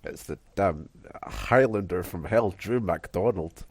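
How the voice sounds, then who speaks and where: A Scottish man with a low voice co-hosting a podcast, his talk rambling and hesitant, packed with "like" and "you know". The sound is close and dry, with no room around it. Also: measured pace, darkish tone, breathy edge, dry recording. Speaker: podcast co-host. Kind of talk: casual chat.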